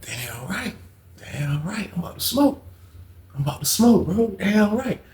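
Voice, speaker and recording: A man voicing a grinning, reckless male inmate who mutters low and hushed. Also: wildly swooping pitch, quick pace, echoey room, full character voice. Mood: sly.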